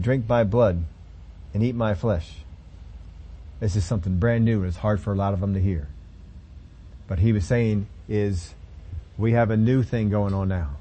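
A man preaching a sermon, emphatic, with sudden loud stressed words between quieter explaining. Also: fairly low pitch, slightly rough.

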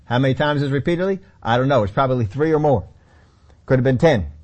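A man's voice: medium pitch, expressive, fast talker, a little mellow. A man teaching a Bible study sermon in a conversational way, often repeating key phrases.

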